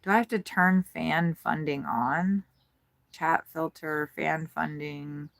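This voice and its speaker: A woman's voice: deep voice, slow, vocal fry, dry recording. A woman chatting casually as she watches birds at her feeders, giggling and swearing freely as she goes. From United States. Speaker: bird-watching vlogger. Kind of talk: casual running commentary. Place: RV at a campground.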